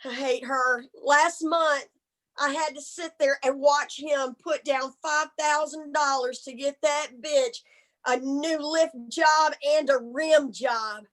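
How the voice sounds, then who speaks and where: Woman, high voice, brassy folksy stand-up comic, bawdy jokes, drawn-out punchlines. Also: fairly even intonation, fairly bright tone, poor audio. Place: comedy stage.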